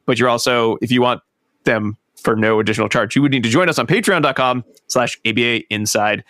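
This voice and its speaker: A man hosting a podcast, wrapping up a book club episode in a relaxed, chatty way and laughing easily. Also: mid-range voice, dry recording, clean studio sound. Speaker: podcast host. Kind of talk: casual podcast chat.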